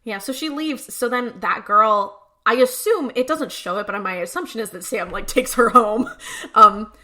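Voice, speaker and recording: A woman's voice: a little high, moderate pace, pushed and bright. A young woman co-hosting a podcast, recapping an episode in casual chat full of fillers. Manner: chatty recap with many fillers and acted-out quotes. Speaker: podcast co-host.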